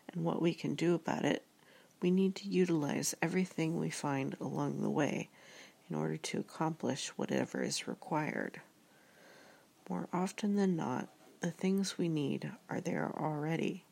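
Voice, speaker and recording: A woman narrating an audiobook in a measured, reflective reading style. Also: sits low, expressive, vocal fry, a little mellow.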